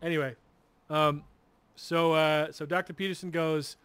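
A man's voice: fairly high pitch, flat delivery, measured pace, a bit bright, clean tone, no echo. A man telling a long story while playing a game, rambling and swearing freely with lots of restarts. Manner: rambling, profane, restarts a lot. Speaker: gamer streamer.

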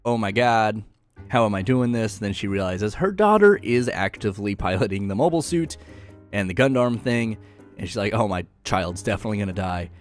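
Guy doing a jokey anime recap, kinda low voice, slang everywhere, faint music behind. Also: sing-song, moderate pace. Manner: joking, slangy, sarcastic asides. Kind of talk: casual episode recap.

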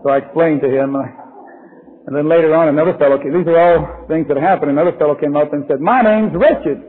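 A hoarse man with a fairly high voice preaches to a congregation, trading folksy humor for slow, emphatic questions. The old recording sounds thin and phone-like, and the hall gives it a long, lingering echo. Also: level tone. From California. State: hoarse with laryngitis. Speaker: guest preacher. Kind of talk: sermon to a live congregation. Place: church hall with live audience.

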